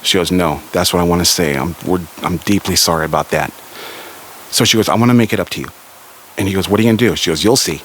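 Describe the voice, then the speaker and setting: Low-voiced guy from socal telling a story, gets animated doing the characters, bit of faint hiss behind him. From Southern California. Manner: animated, raises pitch for quoted characters. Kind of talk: casual spoken storytelling.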